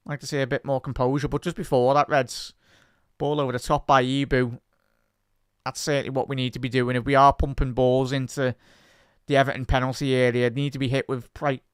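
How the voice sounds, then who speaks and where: Excitable man commentating live. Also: mid-range voice, clear, resonant tone, no echo, clean studio sound. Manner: excitable, chatty fan commentary, talks to the chat. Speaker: host of a live football watch-along. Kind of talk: live match commentary and chat with viewers.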